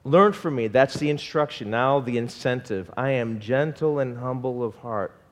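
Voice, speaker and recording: A man preaching a sermon in an animated way and asking the congregation questions. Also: mid-range voice, normal speed, long reverb tail. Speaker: pastor.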